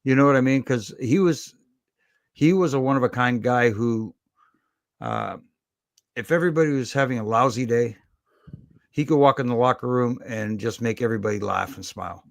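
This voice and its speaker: A man's voice: mid-range voice, moderate pace, creaky, pauses often, no room sound. A middle-aged man, a former wrestling referee, chatting as a guest and telling stories with many fillers and restarts. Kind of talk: casual interview chat.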